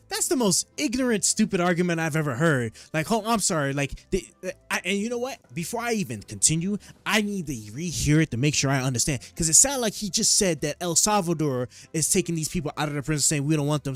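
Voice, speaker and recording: A man's voice: a little high, dry recording. A man hosting a livestream, reacting to a political clip with incredulous, stammering and sarcastic commentary. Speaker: livestream host reacting to clips.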